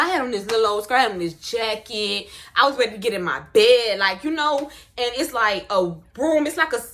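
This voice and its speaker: A young woman, telling a personal story in a casual, slangy and expressive way. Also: high-pitched, slight background noise. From Miami, US. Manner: animated, slangy, expressive retelling.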